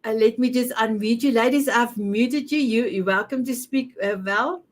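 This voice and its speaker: A woman's voice: on the high side, normal speed. A woman hosting an online summit over a video call, gushing and effusive with her guests. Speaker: summit host.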